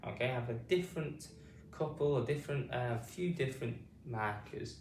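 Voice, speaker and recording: A man with a British accent teaching phonics, drawing words out slowly and saying each sound with exaggerated care. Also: medium pitch. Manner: lively, sing-song, exaggerated pronunciation. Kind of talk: slow, drawn-out phonics teaching. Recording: echoey room, distant mic, faint noise.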